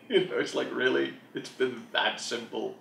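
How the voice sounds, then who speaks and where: A man's voice: mid-range voice, measured pace, vocal fry, a bit bright, a little hiss or hum. A man, an author and group coach, answering an interview question in a candid, reflective, self-deprecating way. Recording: roomy echo, mic at a distance.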